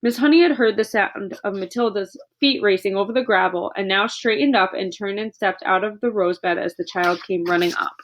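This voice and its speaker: A woman narrating a children's book aloud in a steady storytelling voice. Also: mid-range voice, fairly quick, few pauses. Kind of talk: audiobook reading.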